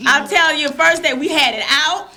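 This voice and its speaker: A woman's voice: high-pitched, normal speed, pushed and bright. A woman judge speaks proudly and with laughter as she introduces graduates at a courtroom ceremony. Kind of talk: ceremony remarks. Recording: noisy courtroom.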